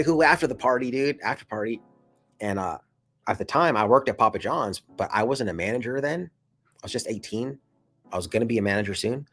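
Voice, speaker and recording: A man's voice: medium pitch, a bit bright, slightly rough. A man in his thirties casually telling a personal story straight to camera, full of slang and swearing, with laughs between lines. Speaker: vlogger.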